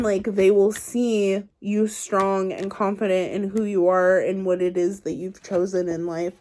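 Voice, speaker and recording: Tarot reader, woman, warm low-key tone, chatty and reassuring, addresses the viewer directly. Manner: chatty, encouraging, talks straight to the viewer; loose and playful, says "like" and "y'all". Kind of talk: casual spiritual card reading to camera.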